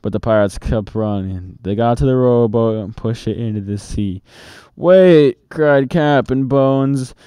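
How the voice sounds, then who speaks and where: A man reading a children's book aloud in a steady, expressive storytelling manner, close to the mic. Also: lowish voice, moderate pace, hardly any pauses, clean tone, no echo. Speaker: storybook reader.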